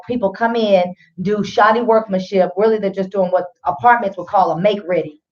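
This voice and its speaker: Chatty woman radio host, a little muffled. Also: mid-range voice. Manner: chatty, opinionated, addresses listeners as y'all. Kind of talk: casual commentary.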